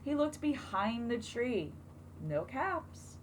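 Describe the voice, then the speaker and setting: A woman teacher reading a picture book aloud to children, expressive and asking them questions along the way. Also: a little high, slow, a little hiss or hum, rough recording.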